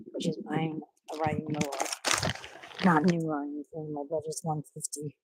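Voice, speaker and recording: A woman's voice: low-pitched, flat delivery, moderate pace, heavy background noise. A woman in her thirties chatting casually on a livestream, blunt and talkative, swearing freely. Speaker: streamer.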